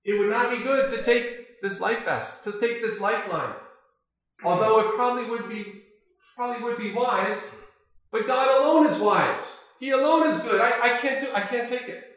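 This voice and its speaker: A man's voice: extremely high pitch, moderate pace, fairly bright tone, heavy reverb, voice pushed up, rough recording. A man voicing an anxious, pious friend in a sermon illustration, speaking fretfully and hesitantly.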